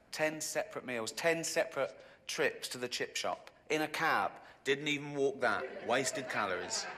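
A middle-aged man with an English accent doing a stand-up comedy set, mocking and sardonic, sometimes jumping into a high squeaky voice for the people he quotes. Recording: video game audio capture with background noise.

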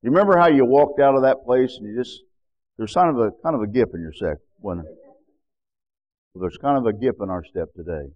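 A male preacher leads his congregation through a covenant prayer, phrase by phrase, for them to repeat. His pitch sits in an ordinary middle register, and he speaks in a steady, solemn sermon cadence. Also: brisk, highs cut off. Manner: leads repeat-after-me prayer, then shouts praise and speaks in tongues.

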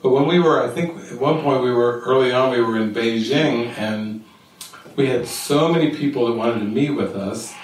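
An older man speaks to a retreat group, telling a story and quoting the people in it. His voice is mid-pitched and heard from a distance. A very echoey hall rings around every word, with faint room noise behind. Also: darkish tone. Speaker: spiritual teacher. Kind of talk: retreat talk. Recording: echoey room, mic far off.

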